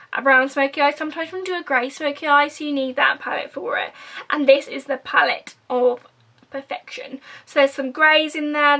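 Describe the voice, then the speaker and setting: A woman's voice: high-pitched, bright, forceful tone. A young woman with an Essex accent, casually reviewing makeup in a gushing, chatty way that sometimes drops to a whisper. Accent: Essex English. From England. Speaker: beauty vlogger.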